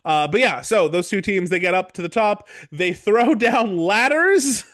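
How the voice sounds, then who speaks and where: High-voiced animated podcast host. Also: male voice, a little slow, no echo, clean studio sound. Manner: animated storytelling, swears and laughs often. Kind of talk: casual book-club chat.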